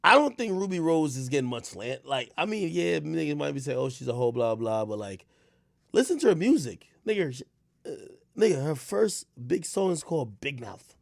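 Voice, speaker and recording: A man talking casually on his stream, rambling with stammered restarts, dropping to low mutters and rising to shouts. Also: expressive, moderate pace, creaky, dry recording, studio quality. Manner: frequent stammered restarts and fillers. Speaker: streamer host.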